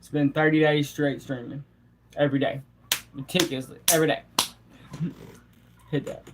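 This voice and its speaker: A live streamer talks to the chat in an easy, laid-back way, full of slang and quick laughs. The voice sits at a middle pitch and stays relaxed and chatty. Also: noisy background.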